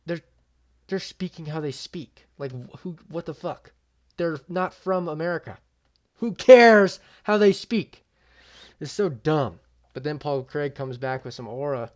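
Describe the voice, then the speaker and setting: A man's voice: mid-range voice, darkish tone. A young man giving casual, slangy reaction commentary, swearing freely and often trailing off mid-thought. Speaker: YouTube MMA commentator.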